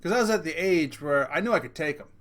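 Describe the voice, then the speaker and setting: Higher-voiced profane podcast host. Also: male voice, lively intonation, fast, a bit bright. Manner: profane, joking, talks straight to listeners. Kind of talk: casual rant.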